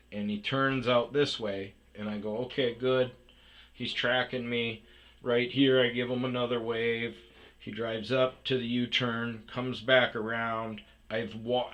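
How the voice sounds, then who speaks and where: A man casually telling a profane, animated story about chasing a delivery driver, with yelled reenactments. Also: medium pitch. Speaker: storyteller host. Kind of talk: casual ranting anecdote.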